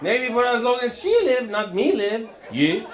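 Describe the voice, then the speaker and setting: Male stand-up comic, high voice, rambling and chuckly, lots of halting pauses. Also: a faint crowd. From Lebanon. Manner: rambling, chuckling through lines, many hesitations. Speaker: stand-up comedian. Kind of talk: stand-up routine.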